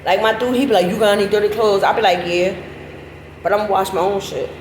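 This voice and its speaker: A middle-aged woman telling a story casually, animated and profane, her voice breaking into high laughing squeals. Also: fast. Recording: echoey with loud background noise.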